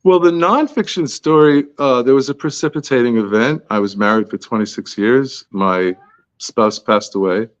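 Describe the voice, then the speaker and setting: Clear and resonant, this man's mid-range voice moves at a moderate pace as he answers podcast interview questions as an author. He wanders into chatty, self-deprecating tangents, recorded with no echo and dull audio.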